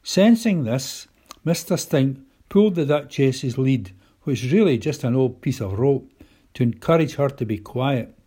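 Mellow man reading a storybook. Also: medium pitch, expressive, a little slow, husky. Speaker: narrator.

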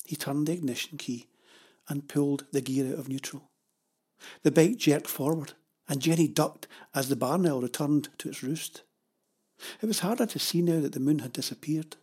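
Husky-voiced storybook narrator. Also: mid-range voice. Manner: steady, measured storytelling. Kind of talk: children's story reading.

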